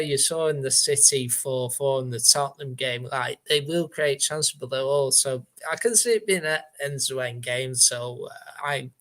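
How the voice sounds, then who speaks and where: A man chatting casually on a football fan panel, giving his opinions in a relaxed way. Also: medium pitch.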